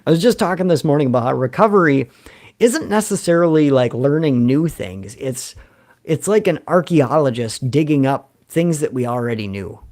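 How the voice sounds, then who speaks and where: A man's voice: mid-range voice, a little mellow. A man, hosting a rambling, joking livestream and reading chat comments aloud. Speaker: livestream host.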